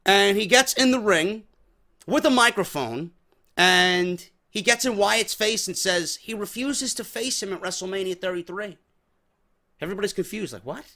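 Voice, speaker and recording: A man giving a casual, profanity-laden wrestling recap from home, animated and opinionated. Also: high-pitched, moderate pace. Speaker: wrestling review vlogger. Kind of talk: casual show recap rant.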